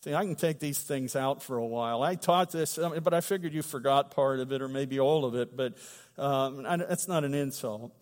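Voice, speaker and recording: A middle-aged man preaching a sermon as pastor, conversational and humorous, swelling into loud emphatic bursts. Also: medium pitch, moderate pace, big-room sound. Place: church sanctuary.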